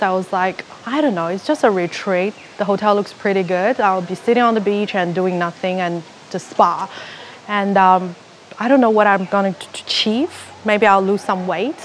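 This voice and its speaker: A woman from China, giving an animated personal testimony and acting out her own past thoughts as she tells her story. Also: mid-range voice, moderate pace, a little hiss or hum. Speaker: retreat participant.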